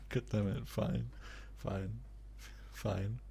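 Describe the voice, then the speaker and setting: A man's voice: medium pitch, expressive, moderate pace, narrow, tinny audio, a little hiss or hum. A man hosting a live stream in casual chat, ranting in an exasperated, profane way. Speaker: streamer and show host.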